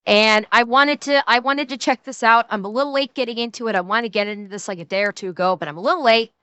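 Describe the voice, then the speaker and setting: Here is a woman streamer talking casually as she reacts to a video. Her voice sits high and rings crisp and smooth. She is blunt and swears freely, and she often stumbles and restarts her sentences. She sounds close and dry, with no room around her. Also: fast talker, sharp tone, no room sound. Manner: blunt and profane, frequent restarts.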